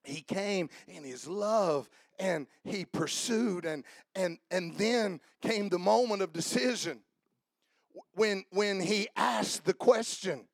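A man preaching a sermon, telling humorous stories and building to shouted, fervent climaxes. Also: high voice, slow, no echo, clean studio sound. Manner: storytelling, humorous asides. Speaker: pastor.

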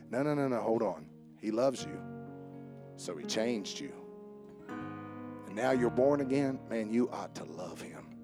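A man preaching a sermon. He jokes with the congregation and swings from soft asides to raised calls. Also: on the low side, a little slow, music in the background. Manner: joking with the congregation. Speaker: pastor. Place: church service with instrument behind.

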